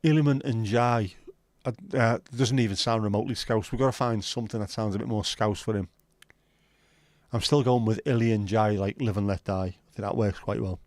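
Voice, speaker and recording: A man's voice: on the low side, fairly even intonation, normal speed, a little mellow, dry recording. Chatty male livestream host, dry sound. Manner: chatty banter, swears freely. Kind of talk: casual chat with live viewers.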